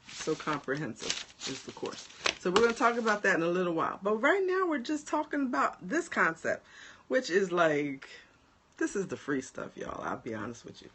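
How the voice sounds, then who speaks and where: Blunt, lively New Jersey woman coach. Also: lowish voice, moderate pace, a little hiss or hum. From New Jersey, USA. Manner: blunt, animated, talks straight to viewers with frequent laughs. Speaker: life coach. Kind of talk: casual livestream chat to viewers.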